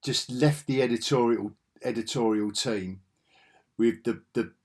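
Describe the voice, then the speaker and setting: A man's voice: mid-range voice, measured pace, darkish tone. A man, talking through old comics in an enthusiastic, rambling vlog. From England. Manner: enthusiastic and rambling, with frequent restarts. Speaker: comics vlogger. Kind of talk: casual nostalgic monologue.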